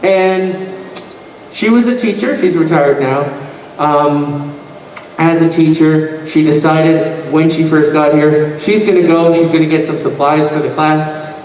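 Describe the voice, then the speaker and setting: Slow-talking man in an echoey hall. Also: a little high, fairly even intonation, a little mellow, distant mic, a little hiss or hum. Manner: rambling anecdotes, mimics voices. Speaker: guest comedian telling stories. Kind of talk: stand-up storytelling. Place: convention panel room.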